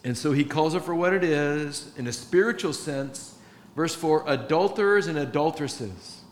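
A man preaching a sermon to his church, impassioned, swinging between hushed confession and loud emphasis. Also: on the high side, normal speed. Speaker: pastor. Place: church sanctuary. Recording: church hall reverb with faint room noise.

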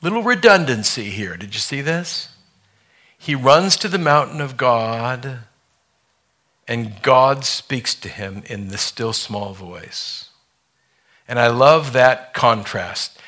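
A man preaching a sermon to his church, reading scripture aloud and slowing down for dramatic effect. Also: mid-range voice, sharp tone. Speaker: pastor.

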